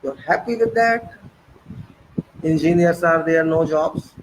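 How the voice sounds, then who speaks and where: A man's voice: a little high, a little slow, a little hiss or hum, low-quality recording. Indignant Indian-accented man asking rhetorical questions. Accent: Indian English. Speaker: political commentator. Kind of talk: impassioned monologue.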